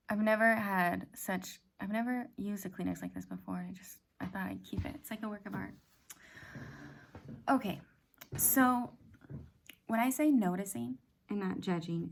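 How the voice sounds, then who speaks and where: A middle-aged woman hosting a reflective self-help talk, speaking softly and often in a half-whisper, gentle and halting. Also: mid-range voice, gravelly, slight background noise. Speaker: self-help practice host. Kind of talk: soft-spoken personal reflection.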